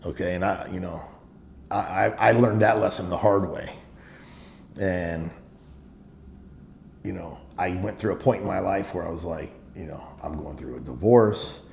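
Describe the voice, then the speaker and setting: A middle-aged business owner tells candid stories in an interview, speaking with emphasis and frequent "you know" fillers. His deep, slightly mellow voice has vocal fry, a measured pace and frequent pauses. The room is echoey, with faint noise.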